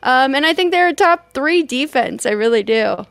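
A woman co-hosts a sports talk show in a fairly high voice. Her sound is dry and close, and she gives measured opinions, hedging them often. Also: expressive, creaky, a bit bright, no room sound. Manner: measured, hedges with "I think". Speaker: co-host.

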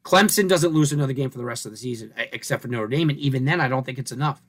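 A sports radio host with a medium-pitched, rapid-fire voice breaks down rankings and stats in casual sports talk. He thinks aloud in a conversational way and throws out rhetorical questions as he goes.

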